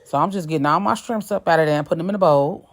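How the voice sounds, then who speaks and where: Chatty low-voiced woman cooking host. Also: very fast. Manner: chatty, addresses viewers as y'all, sassy asides. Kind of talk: casual cooking voice-over.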